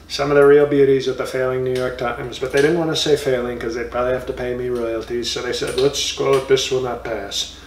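A man's voice: medium pitch, roomy sound, far from the mic, a little hiss or hum, natural voice. A man doing a boastful rambling ex-president. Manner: boastful, rambling, insulting nicknames. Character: comic impression of a blustering former male president. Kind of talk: comedy impression monologue.

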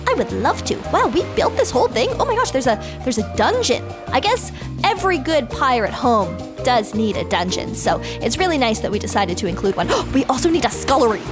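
Give me an excitable woman with a bouncy, high voice telling a playful game story. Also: a little fast. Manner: excitable, gasping, chatty asides. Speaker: story narrator. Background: background music.

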